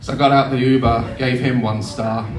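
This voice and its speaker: A man in his thirties telling sweary, animated comic stories to a live audience in a theatre. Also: medium pitch, normal speed. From United Kingdom. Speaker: YouTuber on stage. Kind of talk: live comedy storytelling. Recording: echoey hall with crowd noise.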